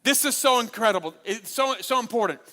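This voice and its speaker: A man preaching at a marriage conference, animated and humorous, repeating his key lines for the crowd. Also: very high voice, fairly quick. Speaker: pastor. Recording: long hall reverb.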